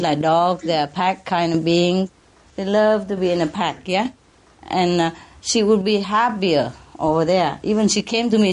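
A woman addressed as master, talking in a casual conversation, earnest and emotional, halting with restarts and soft laughs. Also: medium pitch.

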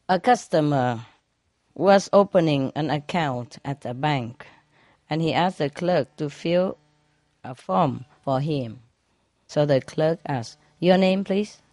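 A woman's voice: low voice, expressive, slow, long pauses, darkish tone, no room sound. A woman telling a string of jokes to an audience, often laughing at her own punchlines and dropping verb endings. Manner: non-native grammar, drops verb endings. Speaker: joke teller.

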